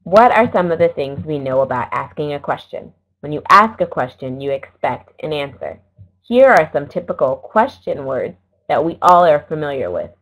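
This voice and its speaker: A middle-aged woman teaching an English lesson, explaining slowly and carefully and correcting herself now and then. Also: sits low, sing-song. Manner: slow, careful explaining with small self-corrections. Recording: dull lo-fi recording.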